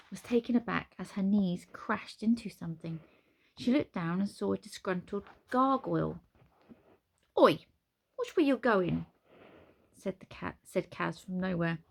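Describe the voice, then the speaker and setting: Woman narrator for a storybook reading, measured and expressive. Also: medium pitch, gravelly.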